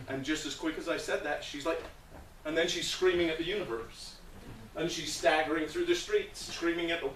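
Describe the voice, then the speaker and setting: As a guest speaker describing a volunteer food project, a man tells a group stories in an earnest, plainspoken style with hesitations here and there. His voice is on the high side, steady, fairly bright, and at a moderate pace, heard through a distant mic with roomy sound and faint hiss or hum.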